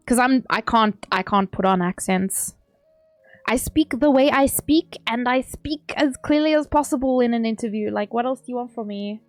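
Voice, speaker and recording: Streaming a game from home, a South African woman with a voice on the high side chats casually at a normal speed, rambling and laughing often. There's no room sound, just soft music in the background.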